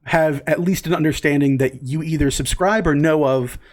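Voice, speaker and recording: A man's voice: fairly high pitch, normal speed. A man running a tabletop game as game master, describing scenes in loose narration full of fillers.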